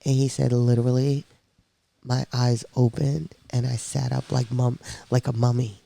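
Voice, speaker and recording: A woman on a podcast telling her own story in a casual, lively way, acting out the voices of people she quotes. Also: a bass voice, normal speed, gravelly, no echo.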